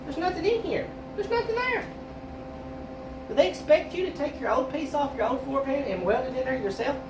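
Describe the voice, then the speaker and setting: Gravelly man ranting in a garage. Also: extremely high pitch, expressive, fairly quick, noisy background. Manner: frustrated, ranting, complaining. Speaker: car restorer. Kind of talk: ranting workshop vlog.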